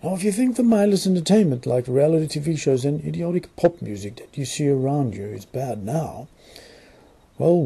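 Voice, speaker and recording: A man's voice: mid-range voice, creaky, mellow, slightly rough. A man with an Australian accent playing a sarcastic, mock-formal male Illuminati news anchor in a satirical newscast, putting on a shaky British accent. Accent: put-on British over Australian. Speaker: comedic news presenter.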